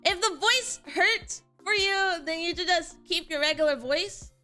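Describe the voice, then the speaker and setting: A woman's voice: extremely high pitch, a little slow, pushed and bright, faint music behind. A young woman VTuber chatting casually on stream, answering chat and laughing often.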